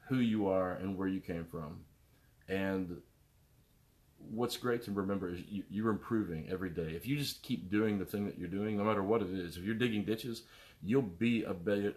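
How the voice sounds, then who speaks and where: A middle-aged man, a musician, rambling casually to viewers on his live stream, greeting them by name and jumping between topics. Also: low-pitched. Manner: animated, jumps between topics.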